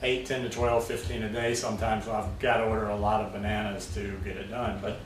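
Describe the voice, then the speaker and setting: A man's voice: fairly low pitch, flat delivery, brisk, slight background noise. A man chatting casually as a vlogger at his home, rambling and full of fillers. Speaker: vlogger making smoothies. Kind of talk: casual chat. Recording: roomy, distant mic, faint ambience.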